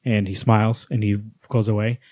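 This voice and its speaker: A man with a fairly low voice in a casual podcast chat, recorded dry and close. He talks with enthusiasm and acts out quoted lines as he retells scenes. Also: flat delivery, fairly quick, mellow, no echo. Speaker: podcast co-host. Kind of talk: casual comic book chat.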